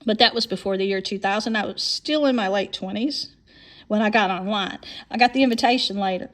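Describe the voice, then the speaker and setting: A woman in her fifties telling a long personal story in a monologue, rambling and often repeating or restarting her words. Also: a little high.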